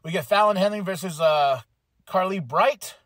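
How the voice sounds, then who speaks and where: A man hosting a podcast, recapping a wrestling show in a casual, chatty way and acting out lines in quick voices. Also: high voice, fairly bright tone, no echo, clean studio sound. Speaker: podcast host.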